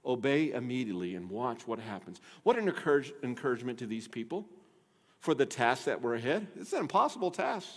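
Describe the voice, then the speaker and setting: A man preaching a sermon. His voice swings from hushed and low to loud and emphatic, he repeats phrases, and he stretches out key words. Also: very animated, a little fast, long reverb tail. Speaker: pastor.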